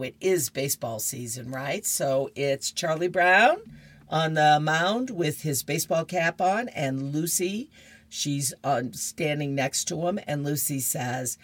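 Slow, low-voiced woman reading comics, friendly asides. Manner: chatty, laughing asides. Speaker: radio reader.

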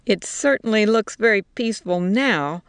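A woman reading a story voices a group of harsh male soldiers who shout bluntly at an old villager. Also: mid-range voice, lively intonation, moderate pace, clean tone, no room sound, voice pushed up, natural voice. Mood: scornful.

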